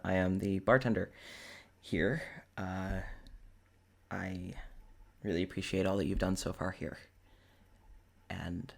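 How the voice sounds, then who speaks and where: Man voicing a quiet, anxious bartender, halting and soft. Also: deep voice, vocal fry, pitched below the performer's own voice, exaggerated voice. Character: awkward, earnest male bartender, quiet and anxious.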